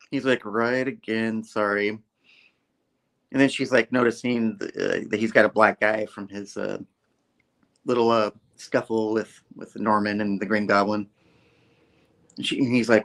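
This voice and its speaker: Man, comic review host, casual chat, lively storyteller, pops into high quoted voices. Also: unhurried, pauses often. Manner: animated storyteller, jumps high for quoted characters.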